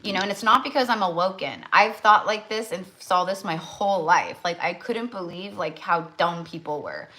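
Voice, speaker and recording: A woman's voice: lowish voice, animated, moderate pace, few pauses, pushed and bright, poor audio. A woman doing a casual tarot reading for her viewers, rambling with lots of "like" and restarts. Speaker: tarot reader.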